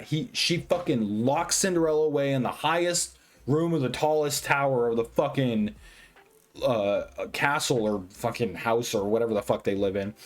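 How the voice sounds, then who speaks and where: Profane, rambling tipsy man. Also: mid-range voice. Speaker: host. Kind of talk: drunk movie review.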